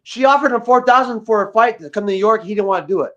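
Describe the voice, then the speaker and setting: Profane ranting man, high voice. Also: quick pace, a bit bright. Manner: profane, repetitive, combative. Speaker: guest rapper. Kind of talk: livestream rant. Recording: dull lo-fi audio.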